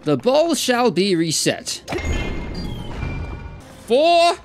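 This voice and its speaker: A man's voice: extremely high pitch, wildly swooping pitch, very slow, soft background music, voice pushed up, heavily acted. A man putting on the voice of a pompous, mock-medieval male adventurer, talking in an archaic, theatrical way while playing a video game. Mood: grandiose.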